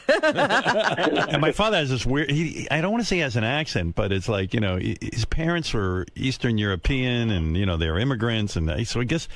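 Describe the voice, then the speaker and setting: A man's voice: medium pitch, big pitch swings, normal speed, fairly bright tone, no room sound. A man hosting a radio show, telling a long story in a casual, profane, self-mocking way into a studio microphone. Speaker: radio host.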